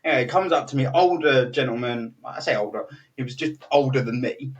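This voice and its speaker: A young British man, a podcast host, telling an animated story in casual chat, laughing often and restarting his sentences. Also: medium pitch, brisk, distant mic, muffled recording. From Britain.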